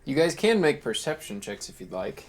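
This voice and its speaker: A game master narrating a tabletop game in a relaxed, halting way, with fillers. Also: medium pitch, background noise.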